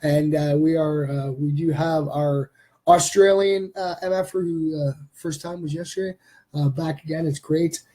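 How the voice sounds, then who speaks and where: A man's voice: a little high, fairly even intonation, a little slow, dark tone. A man hosting a live stream, chatting casually and rambling with lots of fillers. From Canada.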